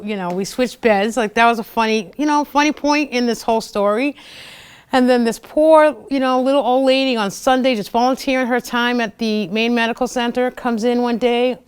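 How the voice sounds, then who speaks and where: A woman in her thirties shares personal stories as host of a small local show. Her voice is smooth and clear, and she talks casually with plenty of "you know" and "like." She often acts out what others said. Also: a little high, moderate pace. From United States. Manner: chatty, fillers and acted-out quotes. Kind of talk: personal storytelling talk.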